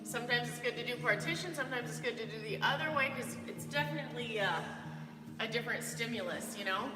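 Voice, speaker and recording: Her voice is fairly high and fast as this young woman leads a live workout, cheerfully greeting viewers by name. Faint background music plays, and the sound echoes with roomy hall reverb.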